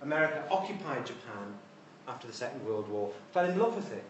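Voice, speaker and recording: A man's voice: mid-range voice, big pitch swings, quick pace, slight background noise. A man giving an informal university lecture with wry, conversational asides. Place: lecture hall. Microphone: distant room mic. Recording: echoey hall from far off.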